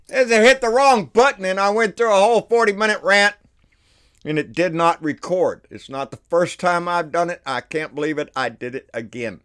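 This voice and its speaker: A man, hosting his own channel in a casual, excitable, folksy way, slightly out of breath. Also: on the high side. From Texas, USA. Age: 60s. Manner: excitable, folksy, repeats himself. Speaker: channel host. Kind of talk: casual political vlog chat.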